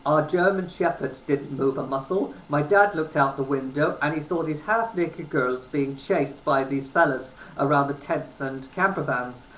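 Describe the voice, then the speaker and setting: A man's voice: fairly high pitch, normal speed, few pauses, a bit bright. A man in his thirties from England, telling travel stories casually into a webcam, rambling with many ums. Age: 30s. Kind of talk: casual storytelling. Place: home room. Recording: roomy webcam recording with faint hiss.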